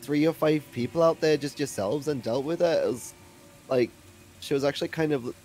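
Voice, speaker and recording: A man's voice: fairly high pitch, moderate pace, darkish tone, low-quality recording. Laid-back man at a game table. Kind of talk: casual chat.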